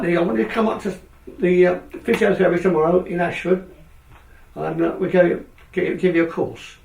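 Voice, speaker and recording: This older English ex-speedway rider has a high voice with vocal fry as he tells an extended anecdote. He plays out the other people's lines in lively fashion. The audio comes from a distance in a room with noticeable echo.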